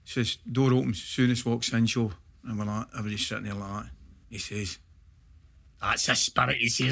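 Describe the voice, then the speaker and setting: An older Scottish man tells football stories with real relish, his voice bright and forward. He slips into broad dialect and laughs through the punchlines. The talk is loose and conversational, the way a guest on a sports chat show talks. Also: mid-range voice, fairly quick, vocal fry, breathy edge. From Scotland. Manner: lively anecdotal, broad dialect, laughing asides. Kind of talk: animated storytelling.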